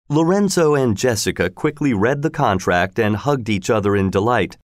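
A man narrating a storybook in a measured, clear reading. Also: fairly low pitch, animated, no room sound, clean studio sound.

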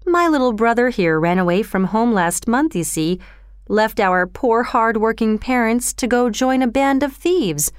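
A woman reading a storybook aloud, voicing a scheming young woman who pleads loudly and overacts. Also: fairly high pitch, expressive, a little slow, clean tone, no echo, studio quality. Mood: theatrical. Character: scheming young woman thief, loud and theatrical.

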